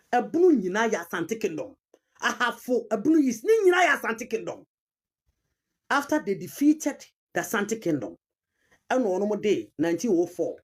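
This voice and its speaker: A woman with a Ghanaian accent giving emphatic commentary, repeating key terms and mixing languages as she argues a point. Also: a little high. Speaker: commentator on chieftaincy history. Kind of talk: argumentative online commentary.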